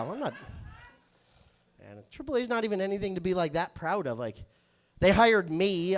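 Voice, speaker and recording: A man doing a live stand-up set, telling rambling, self-mocking stories full of swearing. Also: high-pitched. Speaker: stand-up comedian. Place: live comedy stage.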